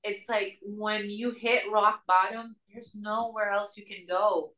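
A woman's voice: medium pitch, steady tone, measured pace, sharp tone. A woman with a Dominican Spanish accent, telling a story earnestly as an interview guest. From Dominican Republic. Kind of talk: casual interview conversation. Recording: roomy sound, distant mic.

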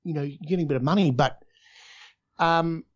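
An Australian man, a voice actor, chatting casually and telling stories with lively quoted voices. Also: a little high, fairly quick, muffled recording. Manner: animated storytelling, voices in quotes. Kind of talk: casual conversation.

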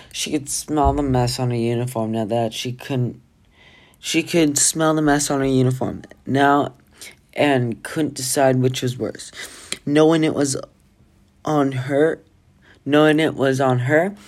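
A reader narrating a novel aloud in a plain, steady way, now and then restarting a phrase after a slip. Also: mid-range voice. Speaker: audiobook reader. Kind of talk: amateur novel read-aloud.

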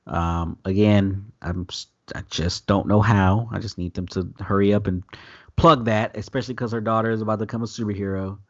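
A man's voice: on the low side, fairly quick, no room sound, muffled recording. A man recapping a TV episode in loose, profane casual chat. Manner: loose, profane, animated retelling with quoted voices. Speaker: podcast host recapping an episode.

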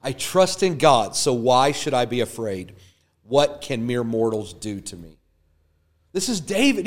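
A man's voice: medium pitch, sing-song, a little slow. A man preaching a sermon, building emphatic repeated lines that rise in fervor. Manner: emphatic, rising to fervent repetition.

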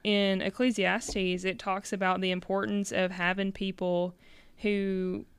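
A woman co-hosting a casual Bible study discussion, steady and explanatory. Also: medium pitch, unhurried, slight background noise. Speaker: podcast co-host.

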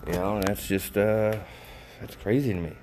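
A man's voice: lowish voice, steady tone, normal speed, background noise. An older man talking casually and rambling to his viewers, with lots of fillers and swearing. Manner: rambling, profane, frequent fillers. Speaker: vlogger.

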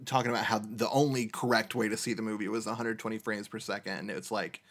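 A man's voice: on the low side, level tone, fast talker, noisy background. A man co-hosting a casual movie podcast, wry and blunt in his remarks.

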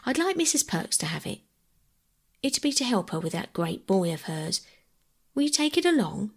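A woman reading aloud and voicing a kindly older village woman, homely and a little wistful, with a husky voice. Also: medium pitch, big pitch swings, normal speed.

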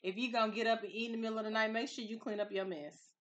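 A woman in a casual chat, telling expressive stories with a laugh. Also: fairly high pitch, very fast, dull audio.

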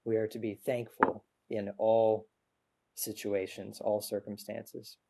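A man's voice: on the low side, level tone, slow, gravelly, darkish tone, husky. A man preaching a sermon to a congregation in a church. He speaks in an earnest, informal way, with light self-deprecating humor. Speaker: guest preacher. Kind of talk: conversational sermon. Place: church service before a congregation. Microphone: adjustable microphone on a stand.

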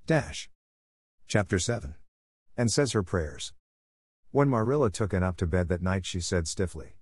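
Low-voiced male audiobook narrator. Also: animated, normal speed, darkish tone, dry recording, clean studio sound.

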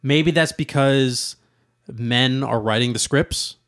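A man's voice: mid-range voice, slow pace, fairly bright tone, smooth. A young man co-hosting a casual podcast, rambling and hedging with lots of fillers. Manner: rambling, hedges with many "like"s. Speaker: podcast co-host.

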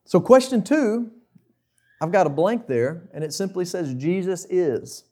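Young guy preaching, chatty and asking questions, warm mellow voice. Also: high-pitched, big pitch swings, a little slow. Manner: conversational, asks questions. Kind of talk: sermon.

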